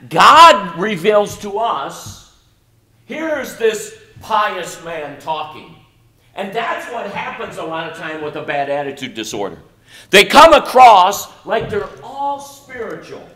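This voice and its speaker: A middle-aged male pastor preaching a sermon in a college chapel, animated, swinging between loud and soft with mocking asides. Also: sits high.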